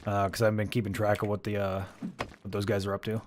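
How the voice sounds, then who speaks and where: A man's voice: lowish voice, level tone, fast talker, noisy background. A man hosting a game stream, chatting with friends on voice chat and explaining what to do, laughing often. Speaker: stream host and game player. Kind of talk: casual gaming chat.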